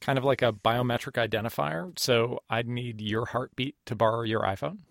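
Gravelly public radio host, dry studio sound. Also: male voice, medium pitch, moderate pace, a bit bright, no room sound.

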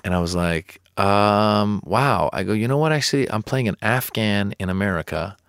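Low-voiced male comedian telling stories. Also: normal speed, smooth, no room sound. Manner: animated storyteller, acts out his own protests in a higher voice. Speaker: comedian guest. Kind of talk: storytelling interview chat.

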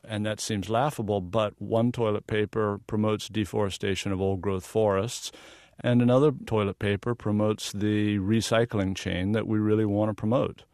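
A man from the American South, a photographer, interviewed on the radio in a relaxed, storytelling way that breaks into easy laughs. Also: lowish voice, normal speed, no echo, studio quality. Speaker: guest photographer.

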